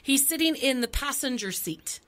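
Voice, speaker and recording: A woman's voice: high-pitched, normal speed. A woman in her forties, a podcast co-host telling funny stories in a casual chat and acting out the voices. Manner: animated comic storyteller, acts out voices.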